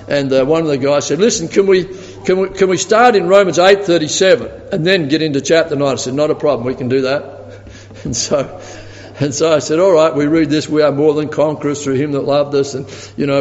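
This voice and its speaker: A man preaching a sermon, telling a story and quoting others with animated delivery. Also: on the high side. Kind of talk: sermon with anecdote. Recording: dull sound with long reverb in a hall.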